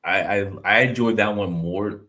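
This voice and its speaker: A man's voice: on the low side, moderate pace. A man hosting a casual podcast, telling stories with lots of "I was like" and reading viewer comments aloud. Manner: animated storyteller, reads chat comments aloud. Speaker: podcast host. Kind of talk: casual chat.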